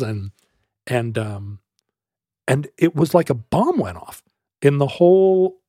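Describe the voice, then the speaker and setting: A man in easy conversation with a lively voice that swings up and down, a little higher than most men, and he keeps slipping into other people's voices while he tells the story. He sits close to a dry, dead-sounding mic. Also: no echo. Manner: animated storyteller who acts out quoted voices. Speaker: podcast host. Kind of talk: casual storytelling chat.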